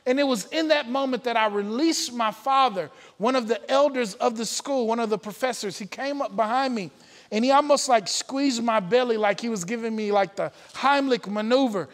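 A man's voice: very high-pitched, normal speed, in a large hall. A man preaching a testimony sermon, telling his story earnestly with frequent filler sounds. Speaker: pastor. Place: church sanctuary.

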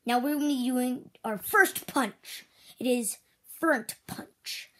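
A woman voicing a strict female toy karate teacher in make-believe play, switching between loud drill shouts and whispers. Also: high-pitched, slow pace. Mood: bossy.

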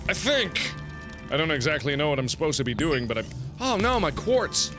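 A man's voice: a little high, very animated, moderate pace. A man commentating his own gameplay, nervous and easily startled, with panicky exclamations and nervous laughs. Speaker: let's play host. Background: game music.

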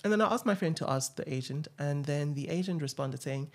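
A young man, hosting an interview in a hesitant, reflective way, with frequent pauses and fillers. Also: on the high side. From South Africa. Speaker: podcast host. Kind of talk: casual interview chat.

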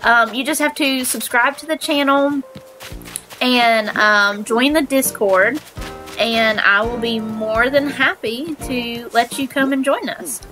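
A young woman with a high voice hosts a live game stream and chats with viewers in an excitable, giggly way. She sounds a little stuffy from allergies. Game music plays clearly behind her. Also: takes it slowly, rough recording. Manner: excitable, giggly, squeals when finding players.

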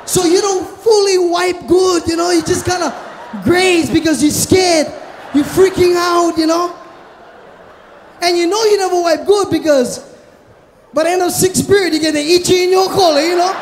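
A man doing stand-up comedy on stage, animated and shouting his punchlines. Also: very high-pitched, moderate pace. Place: hotel showroom stage. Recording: echoey hall, live noise.

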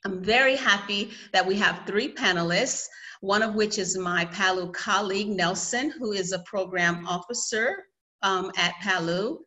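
A woman's voice: mid-range voice, measured pace, bright, forceful tone, poor audio. A woman with a Southern US accent moderating an online conference session over a video call, giving friendly, orderly reminders. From United States.

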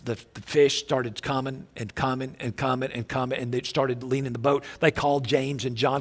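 A man's voice: mid-range voice, fairly even intonation, brisk. A male pastor preaching a sermon in a church, telling stories with energy and many repeats and restarts. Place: church sanctuary.

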